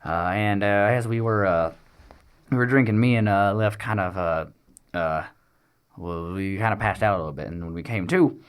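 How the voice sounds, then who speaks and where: A man playing a slow rambling tavern drunk. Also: fairly low pitch, smooth, natural voice. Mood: sheepish. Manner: hesitant, rambling with many fillers. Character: slow dim-witted male tavern drunk.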